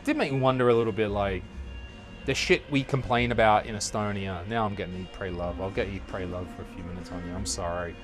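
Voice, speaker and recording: A young man hosting a comedy podcast, telling a rambling, sweary story in a loose monologue and jumping into high mock voices now and then, recorded outdoors on a city balcony on a portable recorder that is not studio quality. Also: steady tone, fairly quick. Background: faint music from the city.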